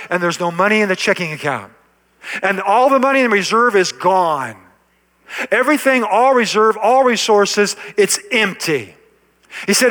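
High, bright-voiced preacher in a hall. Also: male voice, animated, moderate pace. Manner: preaching with rising emphasis and repetition. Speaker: pastor. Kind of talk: sermon. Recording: long hall reverb.

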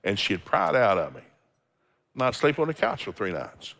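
A man's voice: sits low, sing-song, normal speed, fairly bright tone. A middle-aged man preaching as a guest speaker, quoting scripture and acting out everyday dialogues in a folksy storytelling manner. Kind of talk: sermon.

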